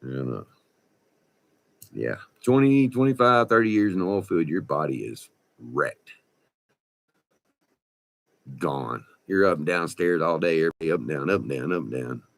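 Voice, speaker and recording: A middle-aged man with a West Texas drawl vlogs folksy, slangy stories from his oil field days, laughing between remarks. His voice is very deep, animated, and at normal speed, with vocal fry and frequent pauses.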